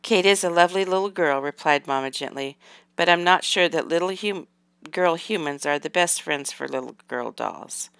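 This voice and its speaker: A woman reading aloud, voicing a gentle, calm mother doll telling a story. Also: lowish voice, normal speed, vocal fry, smooth, no echo. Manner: gentle, soothing.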